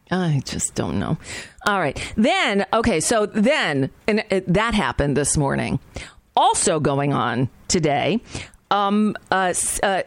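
A woman hosting casual political commentary, sarcastic and halting, with many restarts as she reacts to clips. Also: on the low side, no echo.

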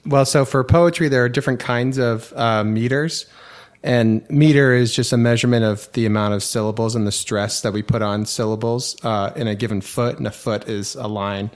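A man's voice: medium pitch, fairly even intonation, moderate pace. A man co-hosting a podcast, explaining things casually with lots of fillers and restarts. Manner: rambling, filler-heavy explaining. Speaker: podcast co-host.

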